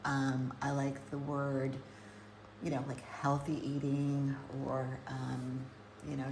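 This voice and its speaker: With a very low, gravelly voice and a steady hum of noise beneath it, a woman chats live to her viewers from an indoor grow room. A hydroponic gardener and nutrition coach, she rambles and thinks aloud, talking through each step as she tends her plants.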